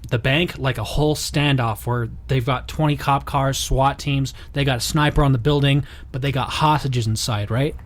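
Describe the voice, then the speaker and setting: A man's voice: medium pitch, fairly even intonation, moderate pace, hardly any pauses. A man hosting a casual comedy podcast, setting up bits in a laid-back, swearing manner. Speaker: podcast host.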